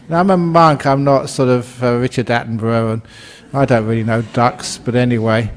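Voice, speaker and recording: A British Buddhist monk in his sixties gives a dharma talk as an animated storyteller, acting out voices and laughing at his own jokes. His voice is medium-pitched and his pace brisk.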